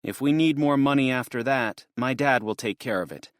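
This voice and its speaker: A man's voice: medium pitch, moderate pace, dry recording, clean studio sound, voice pushed up, natural voice. A man voicing an anxious young man who pleads and pushes to get where he is going. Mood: urgent, pleading. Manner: earnest, urgent.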